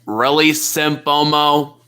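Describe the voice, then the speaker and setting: A woman voicing a weary plush-toy narrator who speaks in a dry, unimpressed, deadpan way in a comic live-stream skit. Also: low voice, slow pace, smooth, pitched below the performer's own voice, full character voice.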